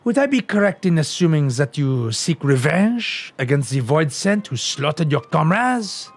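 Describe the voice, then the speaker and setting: A man's voice: fairly high pitch, sing-song, unhurried, pitched above the performer's own voice, full character voice. Man doing a formal, earnest catman.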